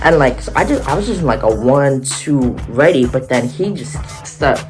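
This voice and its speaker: Animated young woman telling a story. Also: a bass voice, normal speed, music in the background. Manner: animated, slangy, laughing a lot, acts out quotes. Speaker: vlogger. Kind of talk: excited storytime vlog.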